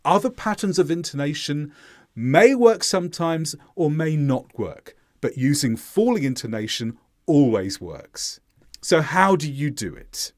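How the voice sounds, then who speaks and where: A man with a British accent teaching English intonation in a deliberate, emphatic way. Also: on the high side, very animated. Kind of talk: online English lesson.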